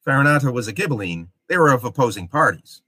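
A man giving a literature lecture, deliberate and explanatory, often checking in with "okay?". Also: mid-range voice, very animated, bright, forceful tone, breathy edge, dry recording.

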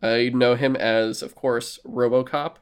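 Profane, animated man recapping movies. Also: mid-range voice, unhurried, clean tone. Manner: animated, profane storytelling that acts out quotes. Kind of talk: casual movie chat.

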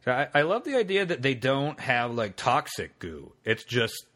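A man's voice: mid-range voice, big pitch swings, moderate pace, a bit bright. A man hosting a casual podcast chat, laid-back, with dry humor and casual swearing. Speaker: podcast host.

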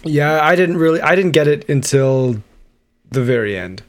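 A man in a casual movie chat, joking and drawling through quick impressions. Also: fairly high pitch, lively intonation. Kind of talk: casual film discussion.

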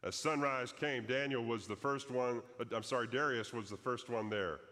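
A man's voice: medium pitch, normal speed, hardly any pauses, bright, forceful tone, big-room sound. A man preaching a sermon as pastor, telling a story dramatically and acting out the quoted prayers.

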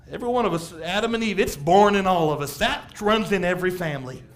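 Middle aged pastor guy preaching, real high voice, acts out little quotes and laughs a lot. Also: fairly quick. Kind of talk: sermon.

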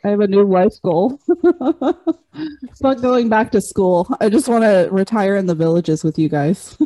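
A woman in casual podcast banter, reacting with drawn-out remarks and giggles. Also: mid-range voice, dark tone, poor audio. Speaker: podcast co-host.

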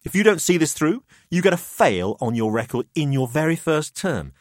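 A man's voice: on the high side, very animated, normal speed, no room sound, clean studio sound, voice pushed up. A man voicing Jamie, a brash young male student who is flippant and pushy.

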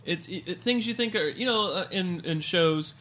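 A man's voice: high voice, normal speed, a bit bright. A man co-hosting a casual podcast, joking and rambling, snacking on air. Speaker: podcast co-host. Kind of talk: casual chat.

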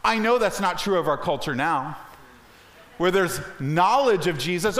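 A man preaching a sermon as a pastor, conversational and energetic, slipping into acted quotes. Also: high-pitched, normal speed, reverberant.

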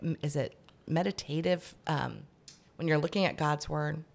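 A woman's voice: sits low, moderate pace, gravelly. A woman hosting a faith podcast, asking her guest questions and answering him with affirmations. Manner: warm affirmations, leading questions. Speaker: podcast host. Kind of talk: podcast conversation.

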